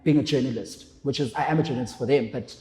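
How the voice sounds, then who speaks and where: A man's voice: medium pitch, quick pace. A man, a radio traffic anchor, talking emotionally as a podcast guest. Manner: emotional, excitable, sentimental. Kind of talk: emotional interview chat. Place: podcast studio. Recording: echoey studio with long reverb.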